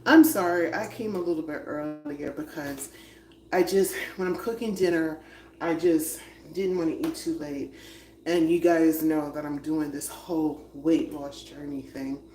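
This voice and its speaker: A woman's voice: low-pitched, dark tone. A woman livestreaming from her home kitchen, chatting casually to her viewers and laughing while she cooks and moves around. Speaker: vlogger cooking on a livestream. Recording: echoey room, voice drifting off-mic, noisy.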